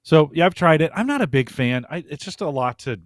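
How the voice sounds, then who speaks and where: Laid-back guy co-hosting, halting, dry close mic. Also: a little high, sing-song, no echo. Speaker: podcast co-host. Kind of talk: casual live chat.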